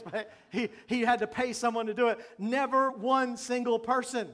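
A man's voice: high-pitched, fairly even intonation, normal speed, hardly any pauses, a bit bright. A man pastor preaching a sermon in a conversational way, asking the congregation questions and joking along the way.

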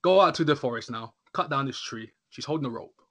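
A man, chatting casually about a TV episode, animated and quick to laugh. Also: medium pitch. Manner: animated, laughs often, says "literally" a lot. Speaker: podcast host reviewing a horror episode. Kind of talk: casual chat.

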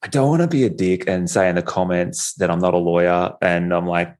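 Australian man, mixed posh and Newcastle accent, low voice, podcast host, relaxed, joking. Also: a little fast. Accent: Australian, between posh and Newcastle. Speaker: podcast host, law firm marketing specialist. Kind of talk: casual podcast chat.

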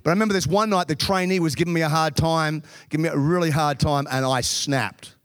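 High-voiced male preacher telling stories. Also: fairly even intonation, quick pace, dry recording, studio quality. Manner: humorous storytelling, addresses the congregation. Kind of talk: sermon.

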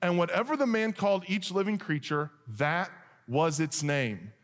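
Animated pastor in a reverberant hall. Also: male voice, high voice, normal speed. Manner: animated, joking, shifts into acted voices for characters. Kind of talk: sermon with humorous storytelling.

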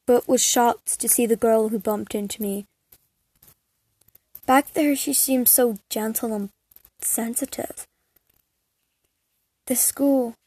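A woman reading as a gruff hot-headed teenage boy. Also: a little high, a little mellow, no room sound. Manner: gruff, rude and dismissive.

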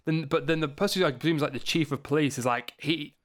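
A man chatting casually about a film, rambling and animated, often trailing off. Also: a little high, fast talker. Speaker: podcast co-host.

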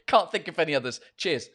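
High-voiced man rambling casually at home. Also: fairly bright tone. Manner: rambling, loose and profane. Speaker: host of a live beer-drinking chat show. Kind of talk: casual live-stream chat.

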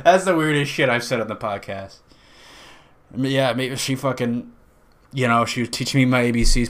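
A man with a nasal Western New York accent hosts a podcast, delivering a rambling, profane, joke-filled monologue. His voice sits in the mid range and is a bit bright.

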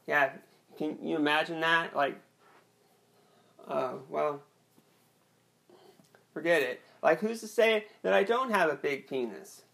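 Young male comic, slightly high voice, slow halting deadpan set. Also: gravelly. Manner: hesitant, rambling, deadpan delivery with many restarts. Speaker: stand-up comedian. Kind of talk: awkward self-deprecating stand-up set.

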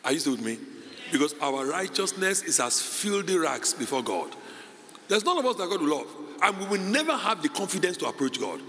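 A male pastor preaching a sermon, moving between quiet conversational asides and loud, high, shouted emphasis. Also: fairly quick, a little hiss or hum. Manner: animated preaching, swinging from low asides to high shouted peaks. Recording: reverberant hall with faint ambience.

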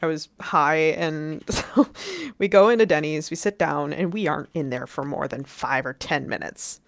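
A woman's voice: sits low, normal speed, no echo. A woman telling a story in casual chat, rambling, peppering her talk with "like" and swearing freely.

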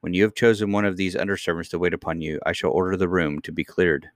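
A gallant knight captain speaking with formal courtesy in a low, deep voice, as a man reads him. The sound is close and dry, like a storybook narration. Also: steady tone, fast, no echo, natural voice. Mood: courteous.

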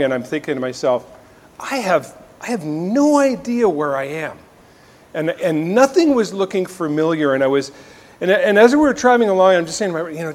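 A man preaching, his voice sitting a touch high for a man and trailing off into a long hall reverb. He talks in a conversational, self-deprecating way, full of fillers and restarts. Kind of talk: sermon.

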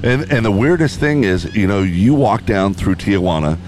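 Very deep-voiced wisecracking man. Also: normal speed, soft background music. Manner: deadpan, wisecracking. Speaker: podcast guest. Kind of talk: crude casual podcast banter.

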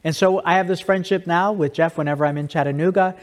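A man's voice: a little high, fairly even intonation, fast talker. A man speaking to an audience, telling a personal story conversationally, with frequent restarts and asides. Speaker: speaker giving a testimony. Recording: long hall reverb.

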